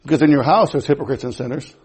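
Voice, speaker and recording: A man preaching a sermon in a church, impassioned and repetitive, swinging from loud to hushed. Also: medium pitch, rapid-fire, breathy edge. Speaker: pastor.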